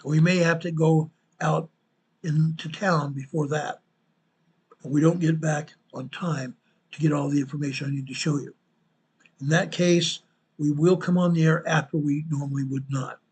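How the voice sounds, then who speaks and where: A man's voice: on the high side, steady tone, moderate pace, a little mellow, slight background noise. A man in his sixties, a show host and Sunday school teacher, giving an earnest, repetitive sign-off and reading scripture aloud. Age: 60s.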